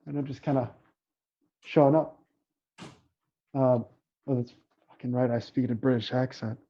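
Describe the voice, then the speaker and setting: A man's voice: mid-range voice, fairly even intonation, moderate pace, muffled recording. A man playing in a tabletop game, casually chatting, hesitating a lot and swearing offhand. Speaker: player.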